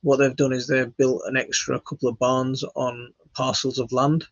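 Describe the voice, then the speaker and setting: Gravelly man chatting about gardening. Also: mid-range voice, level tone, dry recording. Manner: halting, reading out comments with many fillers. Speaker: channel host answering viewer questions. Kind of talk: casual live Q&A chat. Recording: dull lo-fi, dry.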